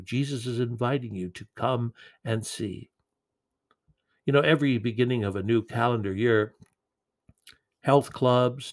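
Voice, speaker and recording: A man preaching a sermon in an earnest, gentle way, with occasional repeated words. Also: mid-range voice.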